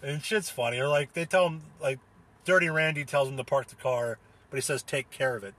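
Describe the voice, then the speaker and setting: A young man tells the story of a comedy show alone and casually, his mid-range voice husky with a bright edge and a brisk pace. Fillers, restarts, laughter and free swearing run through his loose, rambling, unscripted talk.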